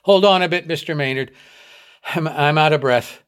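A man's voice: a little high, normal speed, clear, resonant tone, pitched above the performer's own voice, natural voice. A man reading the part of a young boy, out of breath and trying to sound brave. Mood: winded. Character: tired young boy on snowshoes, gallant.

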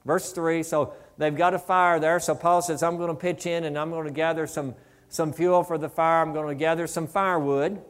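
A male pastor preaching a sermon, fervent and rising to loud exclamations of praise, with casual asides and restarts. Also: a little high, steady tone, normal speed, clean tone.

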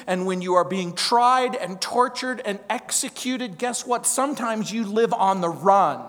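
A man's voice: high-pitched, fairly bright tone, big-room sound. A male pastor preaching a verse-by-verse sermon, emphatic, stacking repeated phrases and rhetorical questions.

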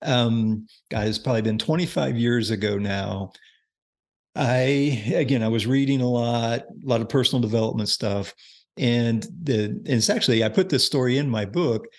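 A man's voice: medium pitch, moderate pace. An older man, a parenting author and coach, chatting as a podcast guest and explaining ideas with examples and frequent restarts. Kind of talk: casual interview chat.

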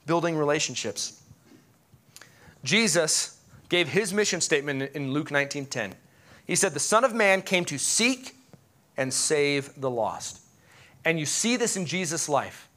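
A man preaching a sermon to his congregation, animated and joking, asking questions of the listeners and slowing down for scripture. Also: on the high side. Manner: animated, joking asides, pauses to ask the congregation. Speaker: pastor.

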